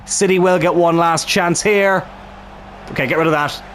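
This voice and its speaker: Young man, excitable game commentary, strained throat, slightly high voice, faint hum behind. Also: moderate pace. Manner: excitable, swears and shouts at the game. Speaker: gaming YouTuber commentating his own match. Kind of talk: live football game commentary.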